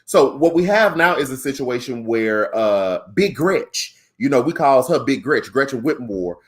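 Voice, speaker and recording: A man with a Southern African American accent talks through the news as a podcast co-host. He is animated and conversational, with slangy asides. His voice sits at an ordinary middle pitch. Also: unhurried. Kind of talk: casual political commentary.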